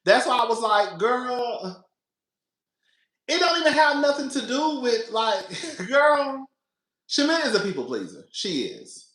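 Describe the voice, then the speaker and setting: Animated chatty man with a bright high voice. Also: normal speed, echoey room. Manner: animated, chatty, addresses viewers as girl and baby. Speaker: reality TV commentator. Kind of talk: casual commentary to viewers.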